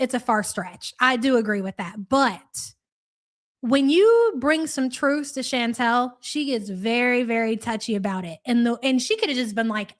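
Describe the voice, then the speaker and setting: Reading viewers' chat messages aloud, a streaming host reacts to content with sarcasm. She has a high, fairly bright voice.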